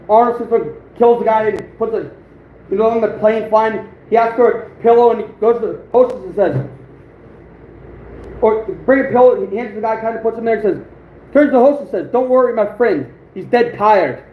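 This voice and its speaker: Casual livestream host, man, 30s, high-pitched, rambling and chuckly, echoey room. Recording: phone-like echoey room with faint noise.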